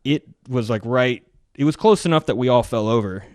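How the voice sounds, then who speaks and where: A man's voice: mid-range voice, fairly quick, a little mellow, no echo, studio quality. An American man and military veteran, telling war stories in a casual, rambling way full of fillers. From United States. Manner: rambling, lots of fillers like "like", laughs through stories. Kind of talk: casual podcast storytelling.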